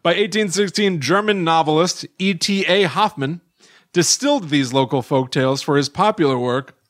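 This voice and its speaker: A man's voice: a little high, moderate pace, a bit bright. Giggly man reading between laughs. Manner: giggly, often laughing through his lines. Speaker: podcast co-host. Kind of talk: casual podcast chat, reading a script aloud.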